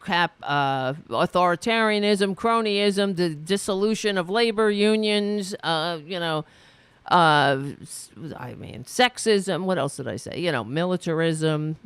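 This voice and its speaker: A woman host talks through a heated story at an unhurried pace, cursing and stumbling through restarts with plain exasperation. Her voice sits a little low and comes across smooth and clear. The recording is dry and close. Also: no echo. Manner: profane, exasperated, many restarts and fillers. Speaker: political talk show host. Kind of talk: casual spoken commentary, retelling a debate.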